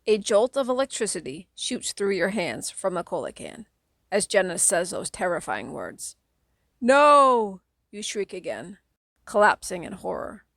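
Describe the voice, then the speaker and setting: Lady reading a kids book aloud, gravelly voice, dry close sound. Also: lowish voice, sing-song, moderate pace, no room sound. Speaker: audiobook reader. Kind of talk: audiobook narration.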